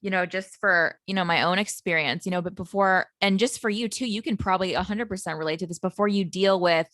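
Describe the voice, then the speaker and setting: A woman's voice: fairly low pitch, quick pace, fairly bright tone, no room sound, studio quality. A woman hosting a podcast, enthusiastic and affirming, with many "you know" and "like" fillers. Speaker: podcast host. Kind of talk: casual podcast conversation.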